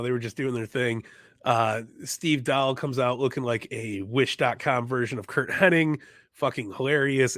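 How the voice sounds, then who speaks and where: An excitable man chatting on a casual podcast, laughing often and swearing freely. His voice sits at a middle pitch. The sound is dry and close, with no room echo. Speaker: podcast co-host.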